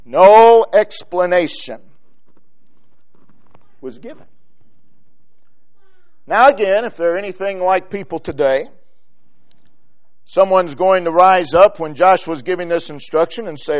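High-voiced, slow, emphatic male preacher. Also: dull audio. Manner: emphatic, swings from loud stresses to hushed drops; reads scripture in King James wording. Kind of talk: sermon.

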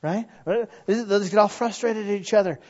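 A man's voice: high-pitched, a little fast. A man in his thirties preaching a sermon, telling stories and acting out the voices of the people in them. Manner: animated storyteller who acts out quoted voices. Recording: slightly dull lo-fi sound.

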